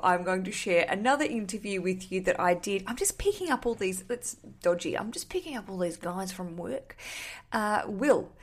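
A woman in her thirties hosting a wedding podcast, chatting casually and candidly with self-mocking humour and some swearing. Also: mid-range voice. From Australia. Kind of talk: casual solo podcast chat.

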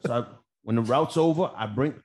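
A man's voice: mid-range voice, brisk. Profane New man telling stories. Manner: profane, animated, acts out dialogue. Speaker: podcast co-host. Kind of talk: casual storytelling chat.

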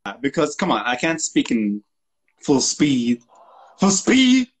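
A man with a husky, mid-range voice speaks a little slowly over poor audio. He co-hosts a casual podcast chat and, though an English teacher, talks in a joking, profane way, mocking accents.

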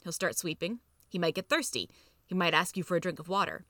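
A woman reading a storybook aloud as host, playful and expressive. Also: fairly low pitch, brisk, no room sound, studio quality. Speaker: reader and narrator. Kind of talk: scripted storybook narration.

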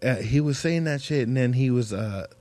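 A man's voice: medium pitch, animated, moderate pace, dark tone. A man hosting a podcast in casual chat, a slangy, profane storyteller who acts out the people he quotes. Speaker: podcast host.

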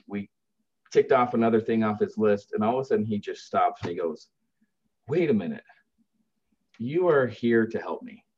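A man who runs a business helping grieving families, telling stories earnestly and lifting his voice when he quotes others. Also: fairly low pitch. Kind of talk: storytelling in conversation. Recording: dull lo-fi sound.

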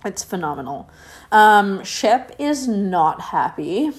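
A woman's voice: mid-range voice, big pitch swings, slow pace. A woman casually recapping a reality show, rambling and sarcastic, with lots of fillers.

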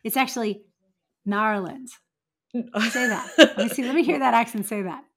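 A woman's voice: a little high, a little fast, gravelly, husky. A middle-aged woman with a frank, blunt manner, hosting a casual relationship advice chat. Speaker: podcast host and relationship coach.

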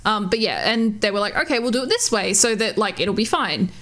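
A woman co-hosting a podcast in casual chat, animated, swearing and laughing as she acts out quotes. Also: medium pitch, brisk. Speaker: podcast co-host.

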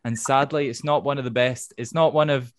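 A man hosting a casual podcast, recapping with wry asides and quick laughs. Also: mid-range voice, steady tone, no echo, clean studio sound. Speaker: podcast host.

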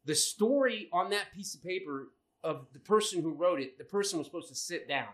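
A man co-hosting a podcast, telling a story in a casual, profane, animated way and acting out what people said. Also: sits high, fairly quick. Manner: profane, animated storyteller who acts out quotes. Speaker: podcast co-host.

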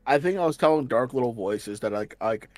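A man's voice: medium pitch, lively intonation, a little fast, darkish tone, no echo, faint music behind. A man with a slight Southern US accent, chatting casually on a stream and rambling, with restarts and casual swearing. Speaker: stream guest. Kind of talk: casual chat.

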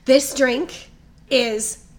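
A woman in her thirties co-hosting a podcast, chatting excitably and gushing. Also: high-pitched, extremely slow, a little hiss or hum. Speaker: podcast co-host. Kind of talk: casual chat.

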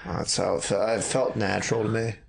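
A man's voice: on the low side, little pitch movement, quick pace, creaky. Young Maryland guy, podcast co-host, skeptical and teasing, swears, faint noise. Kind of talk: casual chat.

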